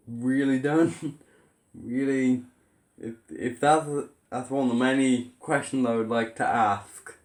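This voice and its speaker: A man's voice: medium pitch, steady tone, slow pace, roomy sound. A man ranting in an exasperated, sarcastic way as a vlogger. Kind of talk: ranting commentary.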